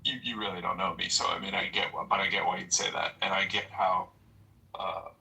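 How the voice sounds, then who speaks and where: A man's voice: low-pitched, little pitch movement, fairly quick, gravelly, pushed and bright, far from the mic, low-quality recording. A man hosting a casual chat, speaking hesitantly with many restarts. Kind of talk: casual chat on an audio room.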